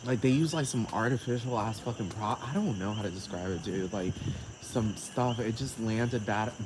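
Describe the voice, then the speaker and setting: Male solo podcaster, casual profane rambler, mid pitch, echoey outdoor take with clear crickets behind. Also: moderate pace, noisy background. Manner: rambling, profane, keeps asking "you know what I'm talking about". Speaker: podcast host.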